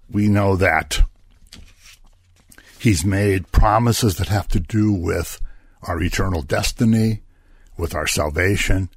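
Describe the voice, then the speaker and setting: A man's voice: sits low, darkish tone, slightly rough, no echo, studio quality. A man preaching a Bible-study sermon in a conversational way, asking rhetorical questions and chuckling between points.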